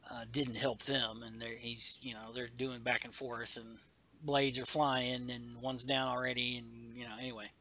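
A man's voice: medium pitch, level tone, normal speed, bright, forceful tone. A man co-hosting a casual chat, rambling through a comic book story with stumbles and self-corrections. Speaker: podcast co-host.

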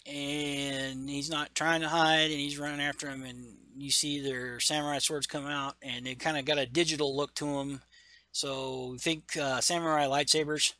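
A man's voice: a little high, flat delivery, moderate pace, sharp tone, no room sound. A man co-hosting a casual chat, rambling through a comic book story with stumbles and self-corrections. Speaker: podcast co-host.

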